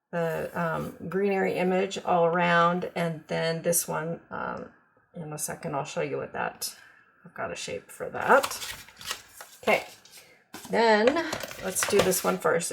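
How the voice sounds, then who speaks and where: Slow gravelly-voiced woman showing craft supplies. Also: lowish voice, background noise. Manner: chatty, frequent ums, gushes over cute designs. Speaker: craft product demonstrator. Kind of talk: casual product show-and-tell.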